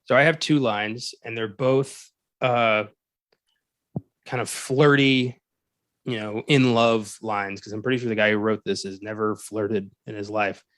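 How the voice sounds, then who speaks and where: A man tearing into a bad movie on a podcast, sarcastic and quick to laugh. His voice sits in a dry, close sound with no room around it. He swears freely and mocks the dialogue he quotes. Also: fairly low pitch, steady tone, fairly bright tone, no echo. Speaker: podcast co-host. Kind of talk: casual movie review chat.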